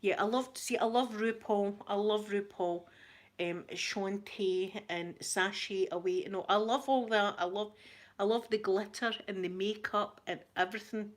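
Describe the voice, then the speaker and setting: Glaswegian lady rambling on a livestream, laughs lots, repeats stuff, mid pitch. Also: steady tone, normal speed. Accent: Glaswegian Scottish. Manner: chatty, laughs often, repeats herself. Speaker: ASMR channel host answering live chat. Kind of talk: casual live-stream chat.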